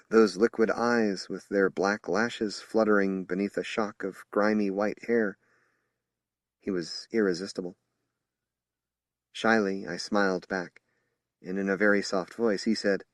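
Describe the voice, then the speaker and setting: A man reading a horror novel aloud as an audiobook narrator in measured storytelling. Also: lowish voice, dry recording, clean studio sound. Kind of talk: scripted narration.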